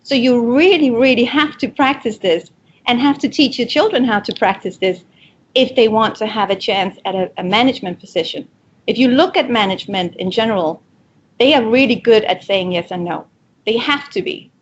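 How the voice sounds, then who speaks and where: A woman's voice: fairly high pitch, normal speed, dull audio, a little hiss or hum. Woman coaching an online audience. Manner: direct, coaching, acts out quoted dialogue. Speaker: speaker giving a webinar talk. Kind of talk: motivational presentation.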